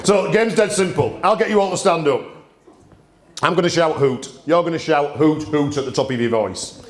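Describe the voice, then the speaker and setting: A man's voice: a little high, moderate pace. A man hosting a live gin tasting event, talking bluntly to the audience with cheeky banter. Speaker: gin distillery host. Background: audience murmur and laughter.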